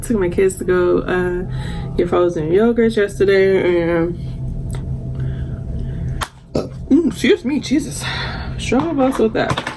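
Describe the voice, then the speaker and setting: A woman talks slowly and haltingly, her voice low and soft with grief. She chats casually as she does her makeup at home, picked up by a camera mic with a faint hiss behind her. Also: vocal fry. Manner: soft-spoken, halting, grieving. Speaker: beauty vlogger. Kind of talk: casual get-ready-with-me chat.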